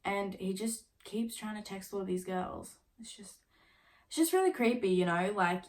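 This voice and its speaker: A young woman in her late teens telling a story on her own vlog, casual and chatty, filling every pause with "like" and swearing now and then. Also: medium pitch. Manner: chatty, filler-heavy with constant "like"; swears casually while retelling. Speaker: vlogger.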